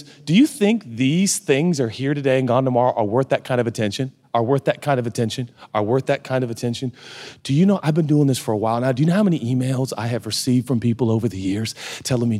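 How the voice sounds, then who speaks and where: A man in his forties preaching a sermon from a stage, animated and a little out of breath, dropping low and then shouting. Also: fast talker. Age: 40s. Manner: animated, swings from hushed to shouting. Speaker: pastor. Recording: hall reverb.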